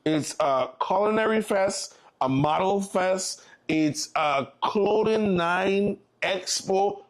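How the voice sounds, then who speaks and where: A man's voice: high voice, slow pace. A man hosting a live morning show, greeting viewers and running through weekend news and announcements. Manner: upbeat, welcoming announcer.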